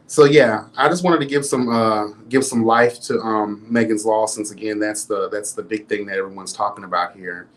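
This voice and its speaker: A man's voice: fairly low pitch, steady tone, moderate pace, hardly any pauses, fairly bright tone. A man giving celebrity gossip commentary in a vlog. He talks in a sassy, campy, dramatic way and keeps throwing in exclamations. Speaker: commentary vlogger.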